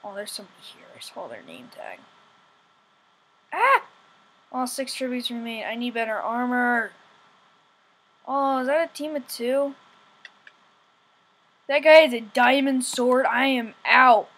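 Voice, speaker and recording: A young woman giving rambling, excitable let's-play commentary, often whining, recorded on a poor home setup. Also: fairly high pitch, measured pace, long pauses. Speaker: gamer.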